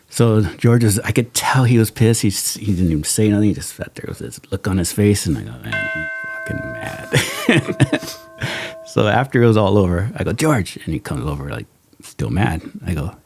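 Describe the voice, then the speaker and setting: A man's voice: low-pitched, a little fast, a little hiss or hum. A middle-aged man hosting a podcast, telling stories in a casual chat, acting out quotes and laughing often. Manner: animated storyteller, acts out quotes, laughs often.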